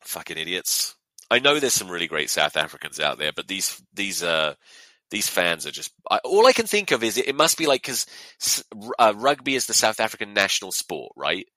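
A young man hosts a podcast, launching into a lively, profane, casual rant about rugby fans complete with mock voices. His voice is low and brisk, with no echo.

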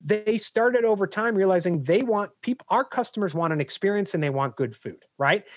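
A man who is a business coach, a guest on a podcast, telling anecdotes in an energetic, animated way. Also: high-pitched, moderate pace, no echo. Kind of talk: podcast interview storytelling.

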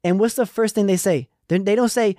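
A young man co-hosting a casual faith podcast, telling Bible stories with lively acted-out quotes. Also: sits high, fairly quick, dry recording, clean studio sound. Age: young adult. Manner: animated storytelling with acted quotes. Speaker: podcast co-host.

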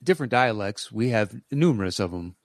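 A man's voice: on the low side, animated, fairly quick, no room sound. A man co-hosting a podcast, teasing and dry in casual chat. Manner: dry, teasing, reads listener mail aloud. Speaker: podcast co-host.

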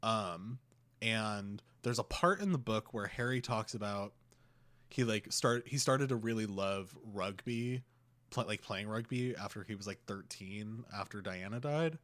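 A man's voice: on the low side, a little slow, fairly bright tone, no room sound. A man co-hosting a podcast, chatting casually in a rambling way with lots of fillers. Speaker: podcast co-host. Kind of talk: casual chat.

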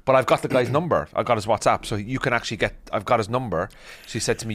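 A man, a podcast guest, telling stories in animated casual chat. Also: mid-range voice, racing. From Ireland. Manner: animated storytelling.

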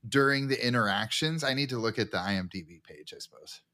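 A man co-hosting a podcast, chatting casually about a movie, laughing often and acting out its lines in excited voices. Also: mid-range voice, fast. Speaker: podcast co-host. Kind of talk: casual movie-recap chat.

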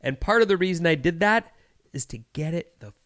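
A man co-hosting a podcast, telling a story in an exasperated, animated way, swearing and doing voices. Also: on the high side, a little fast. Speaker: podcast co-host. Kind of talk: casual chat, storytelling.

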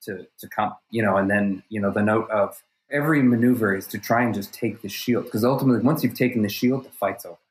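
A stunt performer being interviewed, telling stories casually with energy and frequent restarts. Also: male voice, lowish voice, fast. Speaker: stunt performer and fight coordinator guest. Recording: roomy echo.

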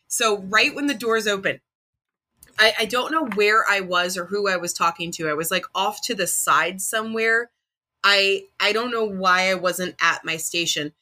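A woman co-hosting a podcast in casual chat, with a bright, sharp voice at a middle pitch. She talks in an excitable, rambling way, stumbling over her words as her stories tumble out. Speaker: podcast co-host.

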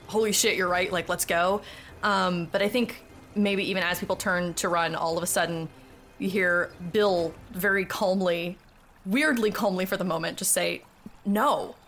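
A woman narrating her tabletop game scene in a measured, unhurried way. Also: medium pitch, fairly bright tone. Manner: measured narration, laughs between. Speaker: player. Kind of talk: tabletop game actual play.

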